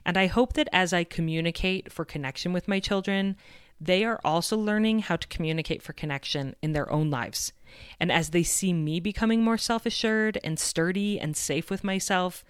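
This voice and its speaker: A woman in her thirties with a low, smooth voice hosts a podcast, speaking in a candid and earnest personal storytelling monologue. Her tone stays openly reflective, and the sound is dry and close, with no room echo. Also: normal speed. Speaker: podcast host.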